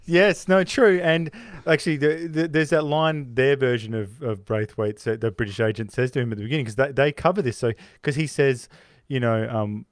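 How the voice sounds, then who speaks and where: A man co-hosting a film podcast, talking in a loose, rambling way that is full of restarts. His voice sits at an ordinary middle pitch and is heard up close on a dry mic with no room sound. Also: moderate pace, smooth, no room sound. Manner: rambling, many restarts, animated when retelling scenes. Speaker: podcast co-host. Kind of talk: casual film discussion.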